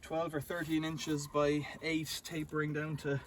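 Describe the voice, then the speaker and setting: A man's voice: fairly high pitch, completely flat delivery, unhurried. Casual man talking to the camera as he works outside, a bit winded, light outdoor hiss behind him. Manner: chatty, self-talking, pleased exclamations. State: out of breath. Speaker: video maker. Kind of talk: casual narration while working. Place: outdoors at a stone working site.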